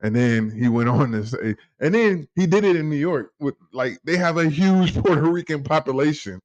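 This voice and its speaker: A man hosting a casual political chat with his father, talking in an animated, rambling and profane way. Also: a little high, normal speed, lo-fi sound. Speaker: host, son.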